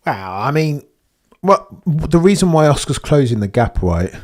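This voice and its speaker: A man hosting a live stream, giving chatty, excitable race watchalong commentary and laughing often. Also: fairly high pitch, unhurried.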